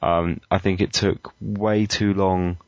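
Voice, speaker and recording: A man's voice: deep voice, level tone, slow pace, no room sound, lo-fi sound. A man co-hosting a podcast, giving critical opinions in a hesitant, casual way with many ums and uhs. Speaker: podcast co-host. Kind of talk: casual chat.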